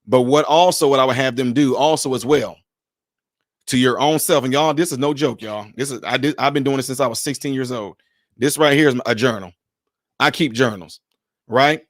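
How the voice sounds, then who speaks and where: A man talks through relationship advice in a loose, conversational way. His voice sits at a middle pitch and sounds dry and close to the mic. He slips into quick acted-out snatches of dialogue while telling his stories. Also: no room sound. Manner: animated storyteller, acts out dialogue in other voices. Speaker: podcast panelist giving relationship advice. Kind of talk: casual advice talk.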